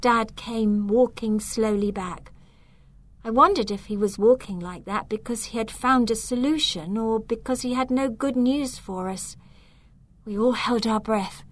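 Slow, measured woman reading a story. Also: a little high, fairly bright tone. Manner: clear, measured reading aloud. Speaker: narrator.

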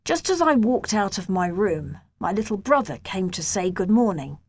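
A woman reading a children's novel aloud in a gentle, measured first-person storytelling voice. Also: medium pitch, very animated, no room sound. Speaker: audiobook narrator.

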